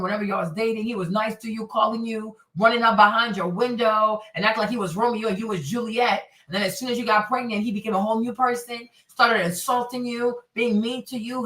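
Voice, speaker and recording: A woman with a fairly high, slightly bright voice hosts casual reaction commentary, speaking directly to her viewers and acting out the lines of the people she's discussing. The recording sounds roomy and a little distant.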